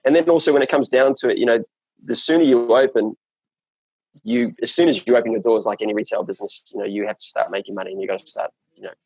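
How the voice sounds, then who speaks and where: He's a fast-talking Kiwi with a gravelly, husky, slightly mellow mid-range voice and a New Zealand accent. As an interview guest he chats casually, wandering through fillers and restarts, captured on a lo-fi recording without echo.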